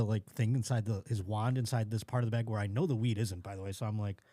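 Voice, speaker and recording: A man's voice: lowish voice, quick pace, mellow, no room sound, clean studio sound. A comedian from Buffalo, New York, telling a story as a podcast guest, acting out scenes in quoted voices and laughing as he goes.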